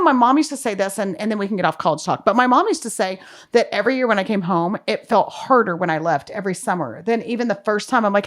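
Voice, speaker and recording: A woman, co-hosting a podcast in casual, teasing, playful banter. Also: mid-range voice. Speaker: podcast co-host. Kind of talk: casual chat. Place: podcast studio.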